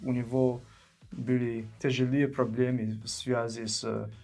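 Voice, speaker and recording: A man co-hosting a show, speaking haltingly as he searches for words in casual chat. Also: mid-range voice, level tone, a little mellow. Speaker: co-host of a language-learning show. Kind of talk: casual conversation.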